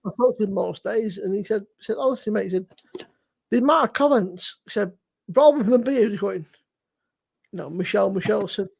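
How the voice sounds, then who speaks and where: A woman guesting on a casual live stream, telling animated stories, swearing and saying "mate". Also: mid-range voice, brisk, creaky, husky.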